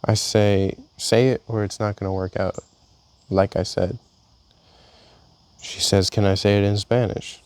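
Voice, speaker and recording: A young man casually reading his personal journal aloud, telling a story with halting restarts. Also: lowish voice, steady tone, darkish tone, smooth, dry recording. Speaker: vlogger.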